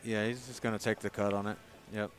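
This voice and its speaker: A man giving casual live commentary on a pool match, talking through shots in a relaxed, conversational way. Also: fairly low pitch, fast, soft background music.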